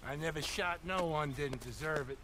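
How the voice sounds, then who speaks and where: A man's voice: a little high, normal speed, noisy background, lightly acted. An actor playing a proud, prickly old male state marshal in a video game, indignant and insistent on his title. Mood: weary. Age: older.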